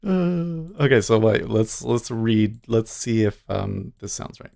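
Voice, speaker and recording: A man's voice: lowish voice, expressive, takes it slowly, vocal fry, mellow. A man chatting casually on a live trading stream, rambling and chuckling often.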